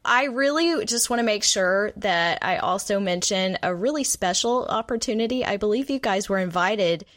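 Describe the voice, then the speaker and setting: A woman's voice: mid-range voice, animated, moderate pace, fairly bright tone, no room sound, clean studio sound. A middle-aged woman co-hosting a podcast, effusive and upbeat as she praises her guests. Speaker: podcast co-host. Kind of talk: enthusiastic interview chat.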